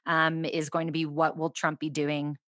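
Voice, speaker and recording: Female strategist guest, lower pitch, dry mic, casual delivery. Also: level tone, normal speed, a bit bright, no echo. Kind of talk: casual political discussion.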